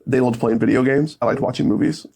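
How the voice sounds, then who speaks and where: A young man with a gravelly edge co-hosting a casual podcast chat. He keeps it loose and jokey, laughing easily between lines, with a voice that sits at an ordinary middle pitch. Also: quick pace, darkish tone. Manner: chatty, jokey, laughs often. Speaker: podcast producer and fill-in host.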